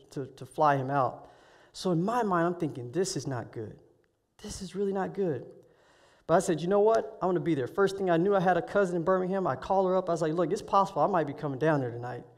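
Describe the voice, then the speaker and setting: A man preaching to students, telling a story with emotion, halting and restarting as he speaks. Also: high voice. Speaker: guest speaker. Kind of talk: sermon storytelling. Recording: live hall recording with long reverb.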